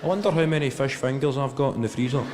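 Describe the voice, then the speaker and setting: A man doing stand-up, telling a story in a deadpan, sweary way with rambling asides, live in a comedy venue. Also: mid-range voice, fast talker, big-room sound, very noisy.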